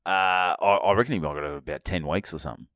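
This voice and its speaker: A man's voice: low-pitched, fast, fairly bright tone, no room sound. A middle-aged man with an Australian accent co-hosting a podcast, cracking crude jokes and laughing often. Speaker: podcast co-host. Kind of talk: casual banter.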